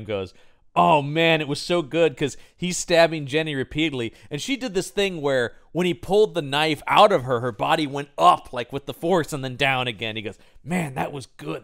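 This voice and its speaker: A man's voice: on the high side, normal speed, clear, resonant tone. A man co-hosting a casual podcast chat, retelling stories and acting out quotes in put-on voices. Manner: animated storyteller, acts out quotes in put-on voices. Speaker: podcast co-host. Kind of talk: casual chat about a film.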